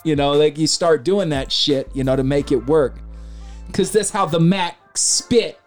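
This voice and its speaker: A man hosting a podcast, chatting casually and excitedly, rambling and swearing freely. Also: a little high, measured pace, soft background music. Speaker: podcast host. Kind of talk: casual chat about hip hop.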